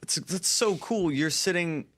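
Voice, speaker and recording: A male podcast host asking follow-up questions in a relaxed interview. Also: sits high, a little slow. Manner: short affirmations and follow-up questions. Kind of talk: casual interview.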